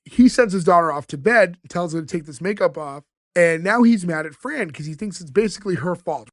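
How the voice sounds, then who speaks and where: A man's voice: high-pitched, lively intonation, no echo, studio quality. A man co-hosting a podcast, casually recapping an episode's scenes and quoting the characters. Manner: retells scenes, quoting characters in quick bits. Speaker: podcast co-host.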